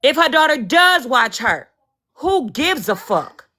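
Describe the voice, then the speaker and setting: Woman, livestream host, profane heated rant, bright forceful voice, fairly high pitch. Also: sing-song, slow pace.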